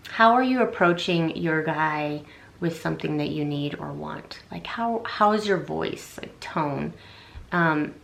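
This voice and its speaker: Woman, young adult, casual advice vlog, chatty, rambling, gravelly, low-pitched. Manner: chatty, rambling, many fillers and restarts. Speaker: relationship vlogger.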